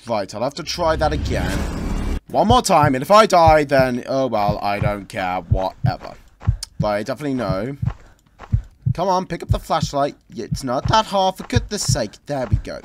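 A man's voice: mid-range voice, very animated, moderate pace, background noise. A man commenting on a horror game as he plays, grumbling sarcastically and breaking into sudden screams. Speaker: gameplay commentator.

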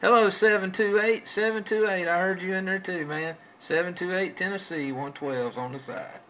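A man's voice: high-pitched, normal speed, noisy background. A man trading folksy CB radio chatter with other operators, drawing out his calls and repeating his stock phrases.

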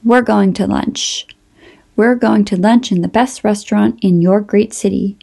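Storybook reading: a booming, teasing grown man who pushes his old friend around, read by a woman in a low, gravelly, mellow voice. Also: fairly even intonation, unhurried. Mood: boisterous.

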